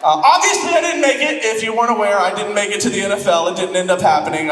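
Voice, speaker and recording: A man's voice: high-pitched, animated, fast, few pauses, a bit bright, recorded from a distance. Florida pastor guy preaching, cracks jokes at himself, long church reverb. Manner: joking, self-deprecating storyteller. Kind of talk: sermon. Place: church auditorium.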